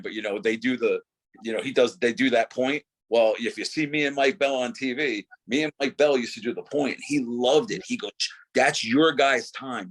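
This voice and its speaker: A middle-aged man with a husky, slightly breathy voice speaks as a guest in a relaxed interview. He talks in a loose, laid-back way, saying "dude" and "you know" often. His pitch sits in an ordinary middle range for a man. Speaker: guest, former wrestler. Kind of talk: casual interview conversation.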